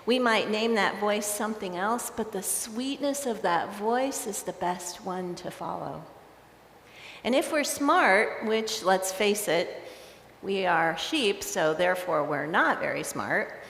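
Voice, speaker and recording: A woman's voice: mid-range voice, a bit bright, a little hiss or hum. A woman pastor with an American accent preaching a sermon, conversational and storytelling, playful with her congregation. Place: large church sanctuary. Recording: echoey church with long reverb.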